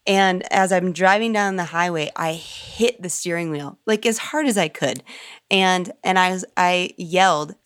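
A woman's voice: on the low side, fairly bright tone, smooth, dry recording, clean studio sound. A woman sharing a personal story in an earnest, emotional way during a conversation. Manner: earnest, emotional, quick bursts.

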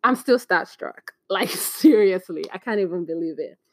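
A woman vlogging in a casual, animated storytelling way, chatty and laughing at her own stories. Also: on the low side, moderate pace, dry recording.

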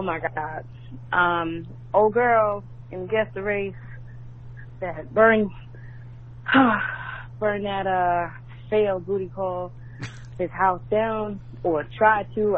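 Brash New woman on a voicemail. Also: mid-range voice. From New York. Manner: brash, profane storytelling. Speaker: caller. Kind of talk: voicemail message. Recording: tinny phone line, faint hum.

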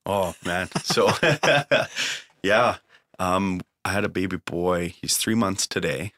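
Young guy with a real low voice, swears a lot, tells his story loose and emotional, dry close sound. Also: slow pace, fairly bright tone, no echo. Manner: swears freely, emotional, lots of fillers. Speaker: guest sharing a recovery story. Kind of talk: casual storytelling.

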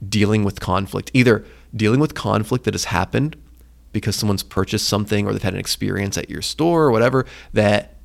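A man co-hosting a casual faith podcast, retelling stories with lively acted-out quotes. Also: on the low side, fairly quick, creaky. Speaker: podcast co-host.

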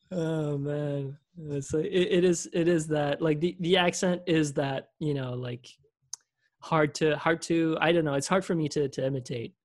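A man's voice: a little high, fairly even intonation, moderate pace. A man co-hosting a podcast in casual chat, rambling with lots of fillers, restarts and laughter. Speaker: podcast co-host.

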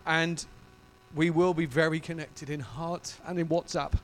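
Guy preaching, high voice, real emotional and gushing, little hiss behind. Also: measured pace. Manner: emotional, effusive, animated preaching. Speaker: pastor. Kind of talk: sermon.

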